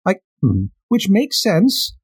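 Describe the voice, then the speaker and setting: Male co-host, husky tone, lively pitch, playful sarcastic retellings, casual manga chat. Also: slow, dry recording. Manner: playful, paraphrases characters with sarcastic asides. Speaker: podcast co-host.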